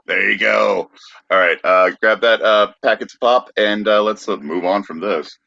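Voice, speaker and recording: A man's voice: fairly low pitch, normal speed, vocal fry, bright, forceful tone, lo-fi sound. A man hosting a comedy podcast, easygoing and full of fillers. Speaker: podcast host. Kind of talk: casual comedy banter.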